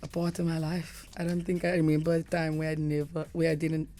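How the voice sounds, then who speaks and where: A young woman with a South African accent answers questions in a radio studio, shy and laughing easily, often trailing off mid-thought. Her voice sits fairly low for a woman. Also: monotone, fairly quick, mellow, a little hiss or hum. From Cape Town, South Africa. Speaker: guest singer. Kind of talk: radio interview.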